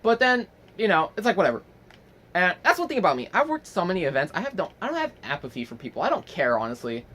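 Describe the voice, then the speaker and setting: A man's voice: high voice, fast talker, slightly rough. A young man telling a rambling story as a casual vlog, swearing freely and acting out the people in it. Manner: animated, rambling with fillers. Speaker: vlogger.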